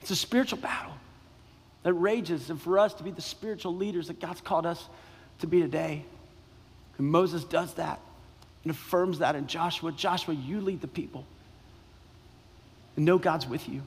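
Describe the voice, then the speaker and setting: A man's voice: fairly high pitch, normal speed, pauses often, husky. A man preaching a sermon as pastor, emphatic, repeating key phrases and questioning the congregation. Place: church sanctuary. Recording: long reverb in a large hall.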